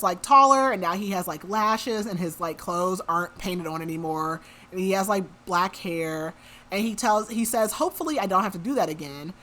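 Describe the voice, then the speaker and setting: Woman podcast host, casual book recap, chatty, mid-pitched voice, quotes characters plainly. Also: a bit bright, slight background noise. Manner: chatty, quotes characters in her own voice, frequent "like".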